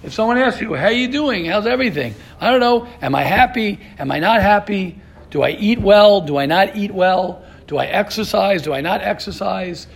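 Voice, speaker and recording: A man with a light, high voice runs an informal Torah class, speaking loosely and conversationally. He piles up rhetorical questions and frequently starts his sentences over. His delivery is expressive and gravelly at a normal speed, with slight background noise.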